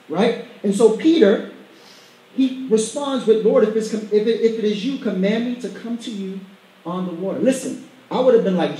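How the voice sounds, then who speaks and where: High-voiced preacher in an echoey hall. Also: male voice, a little mellow. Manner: emphatic, stumbling restarts, prompts the congregation to repeat. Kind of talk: sermon. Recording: very echoey hall, mic far off.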